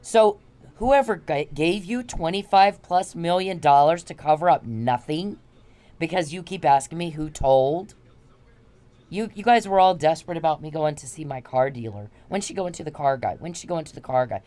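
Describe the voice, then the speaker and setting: A woman's voice: low-pitched, expressive, moderate pace, dark tone. A woman vlogging, ranting confrontationally and with profanity at a man she accuses. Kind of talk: angry direct-to-camera rant.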